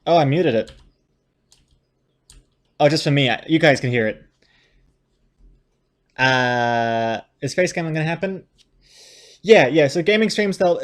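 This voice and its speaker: A man, a comic artist, chatting casually on a live stream, reading viewer questions aloud in a halting, rambling way from his home studio desk. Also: mid-range voice. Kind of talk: casual livestream chat.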